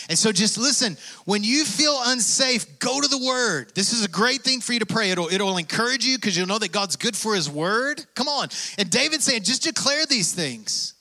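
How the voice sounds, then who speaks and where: A man's voice: high voice, animated, moderate pace, few pauses, pushed and bright. A man preaching a sermon, reading scripture and urging listeners on with emphatic bursts. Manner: preaching with rising emphatic bursts, calls of "come on". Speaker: pastor.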